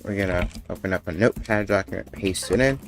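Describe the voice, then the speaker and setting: A man streaming a game, tired and joking with his guest in casual chat, mumbling one moment and loud the next. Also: low-pitched, fast, soft background music. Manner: joking, playful, jumps between mumbling and loud.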